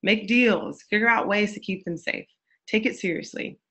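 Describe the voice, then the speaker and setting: A woman's voice: medium pitch, moderate pace, bright, forceful tone. A woman therapist giving an earnest, affirming webinar talk, with many repeated phrases. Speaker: therapist and church speaker. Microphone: webinar microphone.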